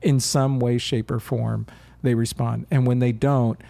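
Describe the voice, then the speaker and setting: A man co-hosting a podcast in casual chat, animated, laughing often and acting out quoted lines. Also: mid-range voice, unhurried, vocal fry. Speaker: podcast co-host.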